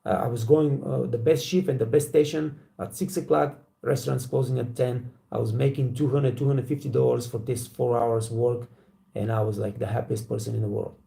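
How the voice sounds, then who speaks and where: Gravelly blunt man. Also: medium pitch, steady tone, brisk, mellow. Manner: blunt, profane, storytelling with acted quotes. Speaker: waiter trainer and channel host. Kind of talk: casual motivational talk to camera.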